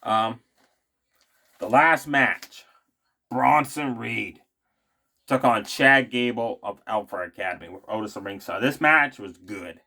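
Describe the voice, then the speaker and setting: A man talks through a wrestling recap in a loose, chatty way. His voice sits at an ordinary middle pitch. He keeps circling back with fillers and tossing in his own opinions as he goes. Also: slow pace, long pauses, sharp tone. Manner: rambling, many fillers, opinionated asides. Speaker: wrestling show recap vlogger. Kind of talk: casual spoken recap.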